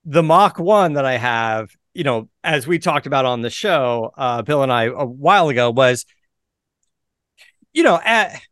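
A male podcast host in a mid-pitched voice, chatting enthusiastically about cars. He rambles loosely and leans on fillers and restarts. The sound is dry and close, with no room around it. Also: a bit bright, dry recording. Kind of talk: casual chat.

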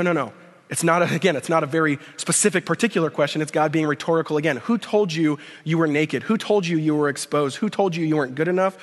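A man preaching a sermon at a university, full of rhetorical questions, building to emphatic peaks and dropping to a quiet prayer. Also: a little high. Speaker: speaker at a university chapel. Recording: long hall reverb.

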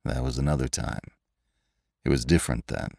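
A man doing a brooding young horse herdsman, storybook, curt growling words, voice sunk very low and quiet, dry close sound. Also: steady tone, normal speed, gravelly, no room sound, full character voice. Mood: sullen.

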